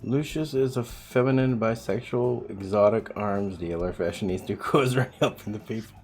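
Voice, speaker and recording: A man's voice: lowish voice, normal speed, darkish tone, soft background music. A man streaming a game, chatting casually with viewers while he plays, rambling and swearing freely. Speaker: livestreamer.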